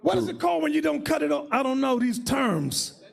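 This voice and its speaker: A man leading a religious class as bishop, preaching in a loud, mocking, shouting manner. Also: very high voice, lively intonation, fairly quick, creaky. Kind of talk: fiery religious teaching.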